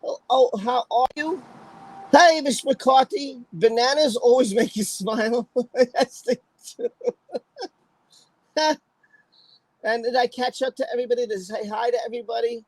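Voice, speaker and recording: A man's voice: very high-pitched, moderate pace, darkish tone, poor audio. A man hosting a live stream in casual chat, greeting viewers one by one. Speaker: livestream host.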